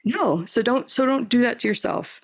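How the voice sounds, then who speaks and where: A woman's voice: fairly high pitch, animated, normal speed, gravelly. A woman hosting a podcast, speaking in a heartfelt, frank way with some mild swearing. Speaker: podcast host. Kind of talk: casual interview talk.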